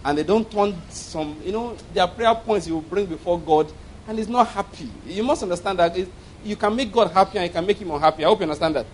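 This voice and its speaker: A male preacher delivers a sermon in a high, bright voice. He is animated and humorous, stopping often to check that his listeners are following. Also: quick pace, a little hiss or hum. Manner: humorous, animated storytelling, asks the congregation questions.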